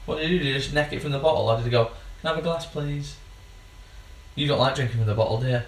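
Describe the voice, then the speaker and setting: A man's voice: mid-range voice, racing, echoey room, distant mic. A man bantering as a podcast co-host, teasing his friend. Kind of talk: casual banter.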